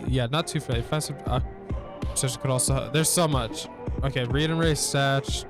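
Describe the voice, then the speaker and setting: Over background guitar music, a male streamer at normal speed and mid-range pitch plays through a narrative game, voicing its text and reacting with lots of laughter and cursing.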